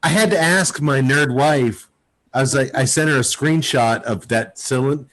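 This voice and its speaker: A Texan man co-hosting a podcast, casually riffing on a movie and acting out its lines in quick voices. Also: medium pitch, fairly bright tone. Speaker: podcast co-host. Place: home, recording remotely.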